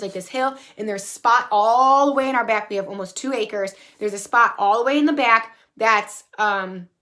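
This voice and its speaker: Bright-voiced, chatty woman telling a story. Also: a little high. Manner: animated, profane, chatty storytelling. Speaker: spiritual coach and vlogger. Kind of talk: casual storytelling vlog. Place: her home, indoors. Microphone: phone camera.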